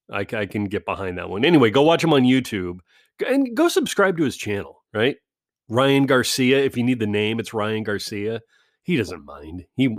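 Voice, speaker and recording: Man, 40s, mid-pitched, casual storyteller, self-deprecating, dry close sound. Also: no echo. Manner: rambling, self-deprecating, laughs often. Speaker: vlogger.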